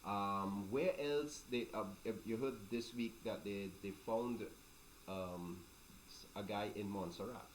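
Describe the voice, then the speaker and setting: A man's voice: lowish voice, takes it slowly, a little hiss or hum, low-quality recording. A man co-hosting a casual sports talk show, explaining at length with many restarts.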